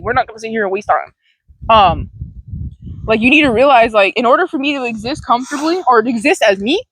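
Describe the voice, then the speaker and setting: Her voice is high, with no echo, and the recording is rough. Outdoors near a large tree, she vlogs casually about setting boundaries, capturing herself on a phone or camera. Her self-help talk is blunt, profane, and rambling, full of restarts.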